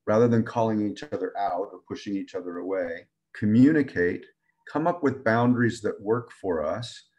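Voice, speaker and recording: A man's voice: fairly low pitch, a little mellow. A man teaching a relationship coaching class, earnest and explanatory. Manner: earnest, acts out partners' words in quoted voices.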